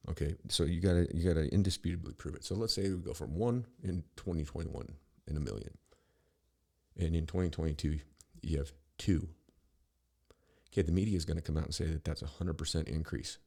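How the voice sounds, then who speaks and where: A man's voice: rumbling low, a little fast, creaky, dark tone. A middle-aged man hosting a podcast, ranting in a rambling, profane, sarcastic monologue full of restarts. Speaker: podcast host.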